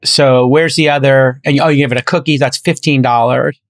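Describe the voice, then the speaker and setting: A man's voice: medium pitch, fairly even intonation, fairly quick. A middle-aged man hosting a podcast, telling stories in casual chat and acting out both sides of conversations. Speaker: podcast host.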